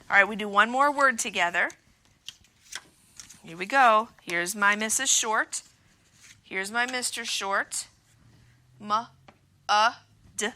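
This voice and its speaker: Slow, bright-voiced kindergarten teacher woman. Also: a little high. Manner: slow, sing-song, encouraging teacher voice with stretched words. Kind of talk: remote phonics lesson for young children.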